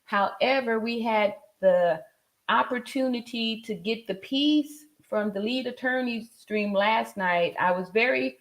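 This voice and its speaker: A woman's voice: a little high, measured pace. Woman, forties, livestream host, casual chat, lots of fillers, laughs often. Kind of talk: casual livestream chat reading viewer comments.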